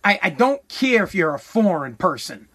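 A man's voice: high voice, very animated, moderate pace, a bit bright, slightly rough. A man telling a comic story as a profane, exasperated rant, full of stammered restarts. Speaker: comedic storyteller.

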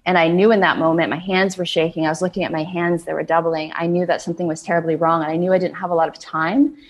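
Young woman, earnest personal storyteller, slightly low voice, filler-heavy, acts out quoted lines. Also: little pitch movement, quick pace. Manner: earnest, frequent "like" fillers, acts out her own quoted words.

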